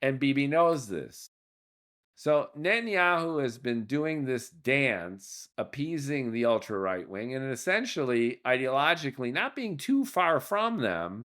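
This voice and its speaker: Slow, blunt male podcast host. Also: medium pitch, sharp tone, smooth. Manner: emphatic, blunt, with casual profanity; deliberate, with repeated points. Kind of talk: opinionated podcast monologue.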